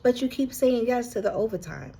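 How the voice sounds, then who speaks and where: A woman's voice: fairly high pitch, expressive, brisk, gravelly, warm tone, slightly rough. A woman giving an earnest, heartfelt collective reading that speaks straight to the listener, at times moved close to tears. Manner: emotional, near tears at times. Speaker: intuitive card reader. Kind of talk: collective reading addressed to the viewer.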